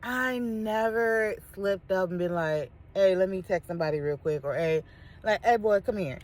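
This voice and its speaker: Candid animated woman in her thirties. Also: mid-range voice, moderate pace. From Chicago. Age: 30s. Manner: candid, animated storytelling with slangy asides and laughs. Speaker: vlogger. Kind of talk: casual talk to camera.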